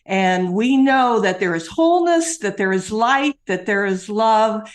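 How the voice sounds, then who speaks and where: A woman minister leading a calm, measured spoken prayer. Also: medium pitch.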